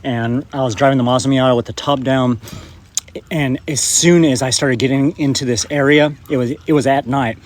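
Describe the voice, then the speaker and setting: A man from West Texas, rambling and emphatic in a casual spiritual vlog, his voice a bit hoarse, recorded outdoors in a field. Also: mid-range voice, fairly even intonation, normal speed. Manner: rambling and emphatic, urging viewers. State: slightly hoarse. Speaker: spiritual vlogger.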